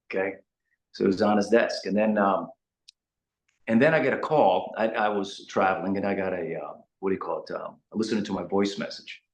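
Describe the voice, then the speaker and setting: A man with a low voice tells animated, rambling stories as a guest in a casual interview. He leans on fillers and restarts. The room around him rings with a noticeable echo. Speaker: guest rock singer. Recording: roomy echo.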